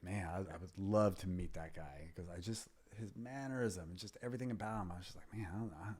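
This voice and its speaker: Husky low-voiced man in his fifties. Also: fast talker, a little mellow. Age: 50s. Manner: rambling anecdotes, drops to near-whispers when quoting. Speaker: guest, MMA fighter and trainer. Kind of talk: casual interview storytelling.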